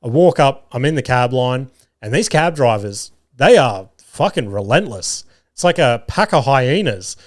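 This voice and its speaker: An Australian man hosting a podcast, telling a self-mocking story in a casual, animated way and swearing often. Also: medium pitch, measured pace. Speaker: podcast host. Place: home garage studio.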